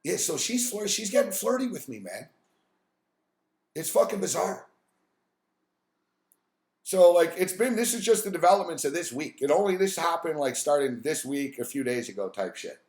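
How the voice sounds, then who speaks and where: A man hosting a live stream, telling a rambling, profane story about a coworker in a casual, animated way. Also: on the high side, moderate pace, pauses often, roomy sound. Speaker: host.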